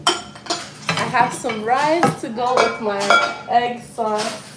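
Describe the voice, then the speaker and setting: A woman's voice: on the high side, very slow. A young woman from Africa, chatting effusively on a live cooking stream at home and calling out to her children. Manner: effusive and emotional, calls out sharply to her children. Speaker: vlogger livestreaming while cooking. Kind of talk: casual live-stream chat. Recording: echoey room with noisy background.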